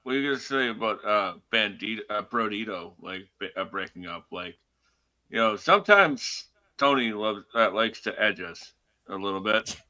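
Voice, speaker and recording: A man's voice: on the low side, expressive, moderate pace, sharp tone. A man co-hosting a wrestling podcast in casual chat, laid-back and hesitant with many fillers, laughing easily. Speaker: podcast co-host.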